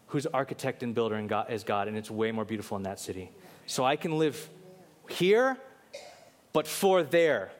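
A pastor delivers a sermon, moving between loud, emphatic questions and low, quiet lines. In quick asides he acts out characters from the Bible.

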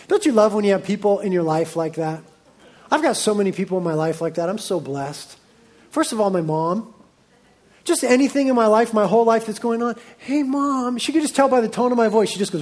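A middle-aged male pastor preaching a sermon, reading scripture aloud and breaking into lively asides. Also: high-pitched, a little fast.

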